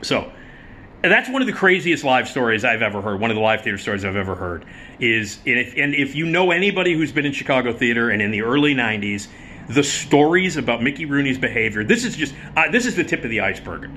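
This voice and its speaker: A middle-aged man telling a theater anecdote in a casual, profane, animated style. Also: mid-range voice, fast, slight background noise. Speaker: vlogger and storyteller.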